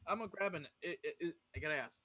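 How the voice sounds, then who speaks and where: Young male player, bright and sharp-toned, eager, jokey, dry close sound. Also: fairly high pitch, animated, no room sound. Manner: eager, jokey, quick questions. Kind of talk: playing a tabletop game over voice chat.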